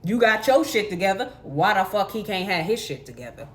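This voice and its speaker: A woman's voice: mid-range voice, very animated, brisk, a bit bright. A young adult woman telling a story in a casual, blunt, profane rant to her viewers. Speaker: vlogger.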